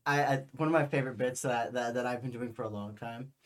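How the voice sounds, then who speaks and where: A young man chatting casually on a podcast, drifting through long stories full of fillers and restarts. His voice sits at an everyday middle pitch. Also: fairly even intonation, fairly quick. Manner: rambling storyteller, many fillers and restarts. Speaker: podcast co-host. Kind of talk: casual chat.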